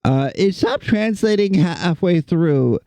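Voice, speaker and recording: A man's voice: sits high, expressive, a little slow, vocal fry, mellow, no echo. A man streaming casually, chatting with his chat in a playful, teasing way. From United States.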